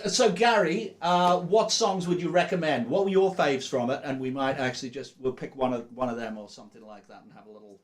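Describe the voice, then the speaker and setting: Upbeat man hosting a casual studio livestream, slightly high voice, rambling chat. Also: a little fast, few pauses. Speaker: livestream host.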